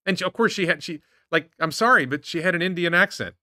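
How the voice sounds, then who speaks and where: Broadcasting from his home in Thailand, an investing-show host livestreams in a high-pitched, quick, pushed and bright voice. He rambles through opinionated commentary and shoots off incredulous rhetorical questions while answering chat. The studio-clean recording has no echo.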